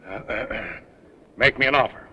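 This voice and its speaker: A man playing a bright, wheedling con man. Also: medium pitch, lightly acted. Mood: evasive. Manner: fast-talking and evasive, stammering fillers. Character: smooth-talking middle-aged male con man. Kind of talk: 1930s film acting. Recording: dull old film soundtrack with faint hiss.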